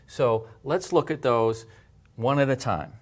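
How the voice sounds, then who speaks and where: A man in the middle of an alphabet lesson, explaining handwriting and sounds at an even pace. He goes step by step, patient and clear, and breathes the sounds out aloud to demonstrate them. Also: medium pitch, measured pace. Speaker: language teacher.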